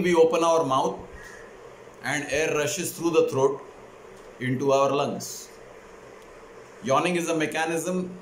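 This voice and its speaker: Man, breathing instructor, calm explanatory manner, roomy echo, faint background hiss. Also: on the high side. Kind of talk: instructional demonstration. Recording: echoey room, faint noise.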